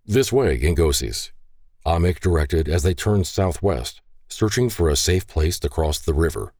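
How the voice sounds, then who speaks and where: Male audiobook narrator, very low, mellow tone, animated delivery. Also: moderate pace, no echo, studio quality. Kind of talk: scripted narration.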